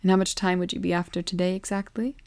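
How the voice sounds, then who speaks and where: Woman reads weary keeper of time: careful, apologetic, mellow, close and dry. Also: on the low side, fairly even intonation, fast talker, vocal fry, no echo. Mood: kindly.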